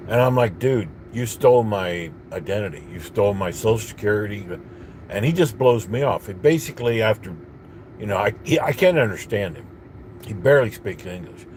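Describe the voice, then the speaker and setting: A man with a fairly low voice rants bitterly in a casual monologue, coughing at times. He rambles and restarts his sentences. A faint hum of background noise sits under his voice. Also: animated, fairly quick, darkish tone. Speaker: vlogger.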